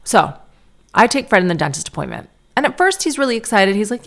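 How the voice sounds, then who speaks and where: A woman's voice: mid-range voice, animated, a little fast. A woman in her thirties hosting a podcast, telling a long family story in a chatty way, full of "like" and acted-out quotes. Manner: chatty, lots of "like", acts out quotes. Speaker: podcast host. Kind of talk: casual solo storytelling.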